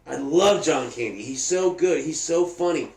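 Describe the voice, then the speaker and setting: A man co-hosting a casual podcast chat, excitable and swearing constantly as he gushes about things he loves. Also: a little high, normal speed, slight background noise. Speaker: podcast co-host. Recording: echoey room with faint ambience.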